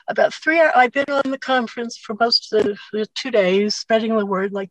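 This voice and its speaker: A woman's voice: mid-range voice, no room sound, rough recording. Woman, grateful recovery share from a car, dry close sound. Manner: earnest, rambling, grateful. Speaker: meeting participant sharing. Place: sitting in her car.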